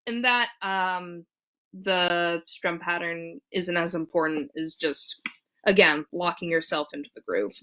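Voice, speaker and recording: A woman's voice: lowish voice, a little slow, fairly bright tone. A woman teaching ukulele in a casual tutorial, counting beats aloud with many ums. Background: her own ukulele strumming.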